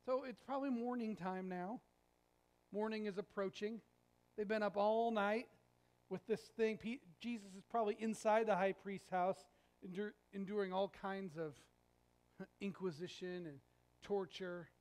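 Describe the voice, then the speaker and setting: A male pastor giving a sermon in a conversational, animated storytelling way with jokes. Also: high voice, measured pace. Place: church sanctuary.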